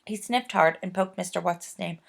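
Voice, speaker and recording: Gravelly woman reading a storybook. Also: fairly low pitch, fairly quick. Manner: gentle, expressive storytelling. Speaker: reader. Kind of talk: reading a children's book aloud.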